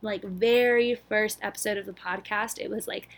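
A young woman hosting her own podcast, talking in a bubbly, chatty way with lots of "like" and a slightly breathless excitement. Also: medium pitch, moderate pace. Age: young adult. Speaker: podcast host. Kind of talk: casual solo podcast chat.

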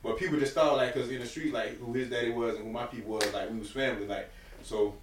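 A young man telling a story in a casual podcast chat. He jumps loud and high when acting out quotes, then drops low and quiet. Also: fairly even intonation, fast, background noise. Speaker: podcast guest. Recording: roomy sound from a distance.

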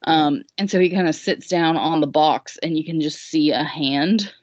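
This woman's voice sits low and sounds darkish, at a normal speed with no echo. A guest on a casual podcast, she recaps a musical in a rambling, jokey way packed with fillers, captured in dull lo-fi audio.

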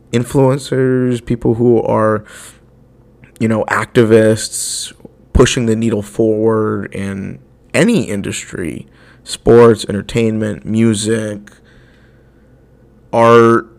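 A man's voice: lowish voice, creaky, darkish tone. A man hosting a solo podcast, speaking earnestly and bluntly in a casual monologue with occasional swearing. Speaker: podcast host.

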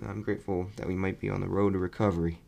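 A young man casually reviewing a movie on his podcast, rambling and animated. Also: deep voice, very fast, creaky. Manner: rambling, animated, mocking voices when quoting. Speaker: podcast host.

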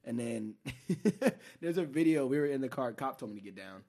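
A man co-hosting a podcast, telling a story in a relaxed, casual way and laughing often. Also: moderate pace. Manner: storytelling, laughs often, low-key when narrating. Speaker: podcast co-host. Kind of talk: casual chat.

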